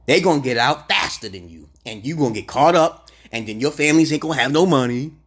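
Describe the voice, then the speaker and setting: Husky profane man ranting loud then low. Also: lively intonation, quick pace. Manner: profane, confrontational, swinging between loud outbursts and low mutters. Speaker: livestream host. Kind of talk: ranting livestream monologue.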